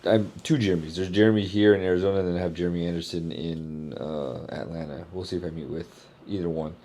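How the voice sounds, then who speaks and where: A man, a keynote speaker, chatting casually in a travel vlog and thinking out loud in a rambling way. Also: deep voice, steady tone, quick pace.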